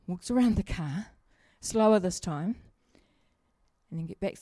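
A woman's voice: fairly low pitch, lively intonation, measured pace, dark tone, no room sound, studio quality. A middle-aged woman, preaching a sermon in a chatty, humorous way and asking the congregation questions. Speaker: pastor. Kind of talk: sermon with personal stories.

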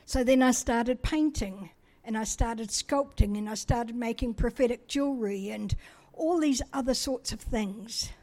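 A middle-aged woman from New Zealand telling her own story with a chatty, self-deprecating warmth. Her voice sits a little high, and she slips into quick bits of dialogue as she talks. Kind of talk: personal testimony talk.

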